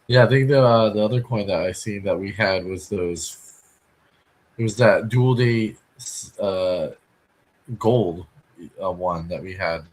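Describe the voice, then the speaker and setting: A man's voice: deep voice, a little slow, rough recording. A man from the United States co-hosting a coin podcast, talking loosely with lots of "like" and "you know". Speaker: coin dealer podcast co-host. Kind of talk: casual shop talk podcast.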